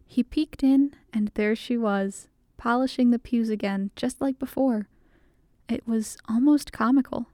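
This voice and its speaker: A woman narrating audiobooks in a measured, steady reading voice. Her tone is warm and mellow, pitched a little high, and the sound is dry and close with no room around it. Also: no echo.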